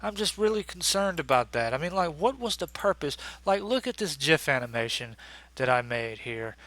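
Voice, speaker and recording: A man's voice: on the high side, expressive, normal speed, sharp tone, dry recording. A man giving a casual ranting review in a crude, sarcastic, exasperated way.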